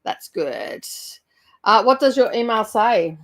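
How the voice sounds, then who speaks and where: A woman's voice: a little high, big pitch swings, slow. Giggly woman chatting on stream. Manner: chatty, giggly, greets chat by name. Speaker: book club livestream host. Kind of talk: casual livestream chat.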